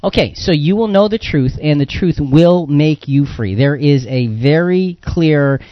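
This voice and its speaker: A man hosting a live radio talk show on faith, talking in an animated, emphatic, preacher-like way. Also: fairly high pitch, measured pace, no echo, highs cut off.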